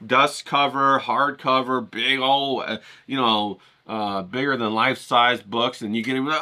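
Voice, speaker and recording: A man's voice: mid-range voice, fairly even intonation, a little slow, hardly any pauses, pushed and bright. A man vlogging to camera, joking and rambling, talking straight to his viewers and swearing freely. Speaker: painter and vlogger. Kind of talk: casual talk to camera.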